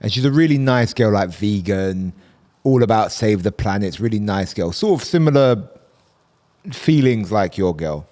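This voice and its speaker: A man, a podcast co-host chatting casually and telling animated stories, swearing freely and acting out voices. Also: lowish voice, normal speed. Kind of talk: casual chat.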